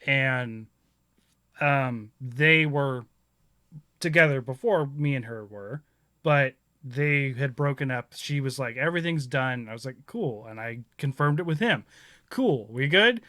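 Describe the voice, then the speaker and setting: A bright, forceful man in his thirties tells rambling stories in casual chat. He laughs often and acts out what others said, heard close and dry on the mic. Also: mid-range voice, measured pace, no echo. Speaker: podcast host.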